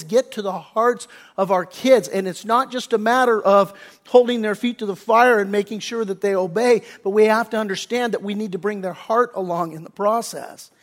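A male pastor preaching a sermon, animated and conversational, acting out quotes with loud bursts and hushed wails. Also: high voice.

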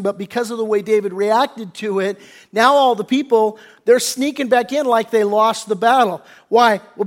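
A male pastor preaching a sermon, animated and conversational, acting out quotes with loud bursts and hushed wails. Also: sits high.

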